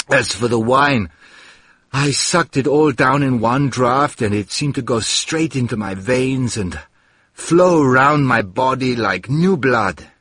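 A man's voice: mid-range voice, a bit bright, breathy edge, dry recording. A man reading a first-person story aloud in a dry, wry storytelling manner. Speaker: narrator. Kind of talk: first-person audiobook narration.

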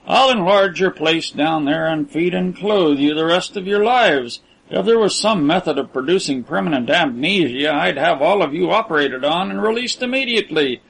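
A wealthy captor speaks to his prisoners coolly and with open scorn, never hurrying, as a male narrator voices him. The voice sits a little high for a man. It comes across as a storybook reading. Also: gravelly, a bit bright, husky, full character voice, rough recording. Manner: cool, measured, scornful. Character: cold, scornful rich man holding captives.

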